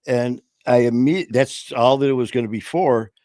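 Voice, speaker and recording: A man hosts a casual streamed talk show and tells stories in a loose, rambling way. He pads his talk with fillers, swears now and then, and laughs along at his own tales. His voice sits at an ordinary pitch for a man, recorded close and dry. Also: moderate pace, darkish tone, dry recording. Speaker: podcast host. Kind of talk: casual storytelling chat. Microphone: home streaming setup.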